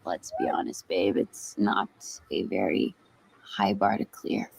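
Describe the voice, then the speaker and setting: An actress playing a weary, blunt young Kryptonian heroine, speaking dry and sardonic lines in a film trailer. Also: female voice, very deep voice, a little slow, vocal fry, very noisy, exaggerated voice. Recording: film dialogue over loud trailer music. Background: loud trailer music.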